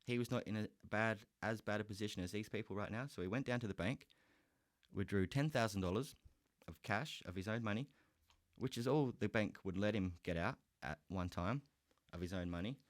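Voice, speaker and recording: A man's voice: fairly low pitch, brisk, no echo. Profane Australian man ranting, dry sound. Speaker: podcast host. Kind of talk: ranting solo podcast.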